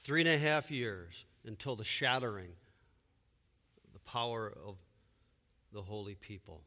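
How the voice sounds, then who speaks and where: Bright-voiced preacher in reverberant hall. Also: male voice, on the low side, lively intonation, unhurried. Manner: emphatic preaching, repeated rhetorical questions. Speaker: pastor. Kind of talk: sermon.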